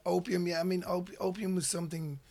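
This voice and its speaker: A man's voice: high voice, flat delivery, brisk, gravelly, a little mellow. Irish man telling a rambling story. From Ireland. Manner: rambling, repeats words when starting sentences. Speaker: guest. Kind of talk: casual storytelling.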